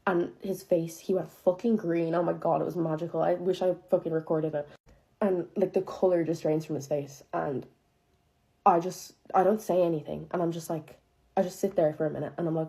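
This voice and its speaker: Young woman, casual storytime, low mellow voice, profane and chatty, dramatic disbelief. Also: fairly even intonation, brisk, creaky. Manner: profane, chatty, heavy use of filler "like"; incredulous, dramatic retelling.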